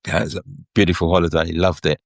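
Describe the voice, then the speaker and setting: A man's voice: low-pitched, fast, no room sound. A middle-aged man with a London English accent, telling stories as a guest in a casual interview, chatty and laughing often. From England. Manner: chatty, lively anecdotes with frequent laughs. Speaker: guest photographer.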